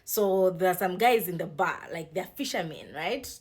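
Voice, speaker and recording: A woman's voice: lowish voice, expressive, normal speed, breathy edge. Chatty woman retelling a book. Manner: chatty, dramatic retelling with mixed-language asides. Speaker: book reviewer. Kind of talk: animated casual book review.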